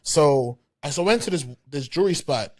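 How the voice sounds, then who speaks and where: Brief: high-pitched man, podcast co-host, easygoing storyteller who repeats his phrases. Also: expressive, moderate pace, a little mellow. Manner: joking banter, repeats himself. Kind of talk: casual storytelling chat.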